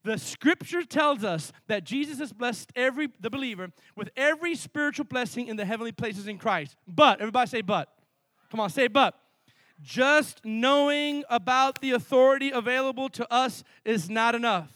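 A male pastor preaching a sermon with energy, mixing sudden loud emphasis with quick asides. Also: very high-pitched, lively intonation, no room sound.

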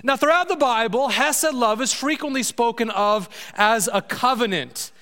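A man preaching a sermon as pastor, slowing down to stress key words. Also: very high voice, bright, forceful tone, big-room sound. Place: church sanctuary.

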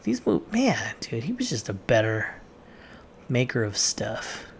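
Gravelly casual man riffing offhand. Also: medium pitch, very animated, unhurried, slight background noise. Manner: blunt, offhand opinions with frequent fillers. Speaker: vlogger reacting to movie lists. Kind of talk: casual off-the-cuff commentary.

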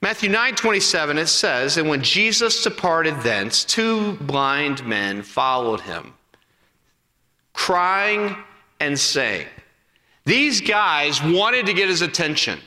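A man preaching a sermon as pastor, telling a Bible story with acted-out voices and dropping to hushed appeals. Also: fairly high pitch, slow pace. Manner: animated storytelling, acting out voices, then hushed and intimate. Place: church sanctuary. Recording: long reverb of a hall.

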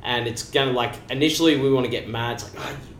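A man, a bodybuilding coach, chatting casually as a podcast guest, animated and acting out quotes with casual swearing. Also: mid-range voice, quick pace, slight background noise. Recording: roomy room sound.

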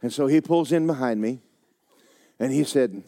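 A man pastor preaching a sermon with personal stories, animated, laughing often and dropping suddenly quiet for emphasis. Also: mid-range voice, moderate pace, no echo, clean studio sound. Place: church sanctuary.

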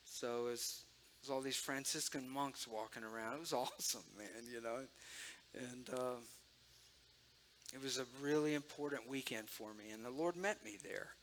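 A man's voice: mid-range voice, moderate pace, fairly bright tone, slight background noise. A man giving an emotional, conversational sermon-style testimony, speaking directly to his audience.

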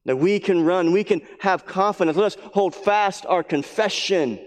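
A man preaching a sermon as pastor, earnest, repeating his phrases and dropping to a hushed voice for emphasis. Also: high voice, normal speed. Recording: long hall reverb.

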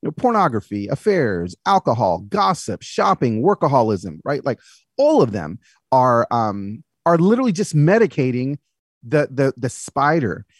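Thirtysomething guy on a podcast telling stories, does the voices of people he quotes, kinda husky, real up and down. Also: mid-range voice, moderate pace, no echo, clean studio sound. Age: 30s. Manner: animated, acts out quoted people in his stories. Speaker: podcast guest and author. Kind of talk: personal storytelling in a conversation.

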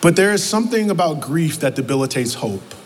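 A man preaching a sermon as pastor, in a conversational, animated way that keeps breaking into acted-out quotes. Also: on the high side, a little fast. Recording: long reverb of a large hall, faint noise.

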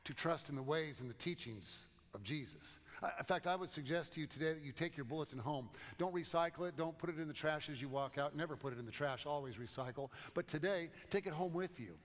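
A man preaching a sermon as pastor, in a conversational way with gentle humor, in a church sanctuary. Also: a little high, quick pace, hardly any pauses. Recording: long reverb of a large church.

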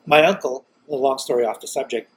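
A man hosting a casual chat, telling anecdotes in an animated way. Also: medium pitch, fairly quick, slight background noise, low-quality recording. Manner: storytelling, animated, puts on voices in anecdotes. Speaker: host.

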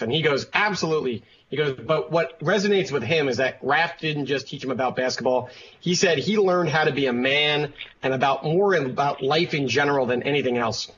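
Podcast host, man, slightly higher voice, friendly questions, muffled lo-fi sound with faint clicks. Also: fairly bright tone, slight background noise. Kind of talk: interview questions. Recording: dull lo-fi audio, faint clicks.

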